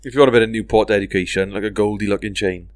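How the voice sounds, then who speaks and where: A man's voice: lowish voice, fairly even intonation, very fast, no room sound, clean studio sound. A man with a South Welsh accent chiming into a casual podcast chat, easygoing. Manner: easygoing, brief comments. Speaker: podcast co-host.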